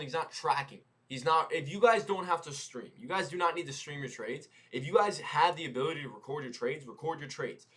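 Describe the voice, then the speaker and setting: A young man on a live trading stream, teaching in a loose, slangy way, repeating himself and tossing in "right?" and "boom". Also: a bit bright. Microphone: headset mic.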